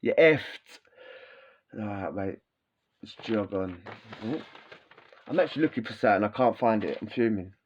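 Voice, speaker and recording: A man, a former prisoner, hosting a podcast in a blunt, animated, swearing rant. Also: lowish voice, moderate pace, pauses often. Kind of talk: casual ranting monologue. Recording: dull lo-fi sound.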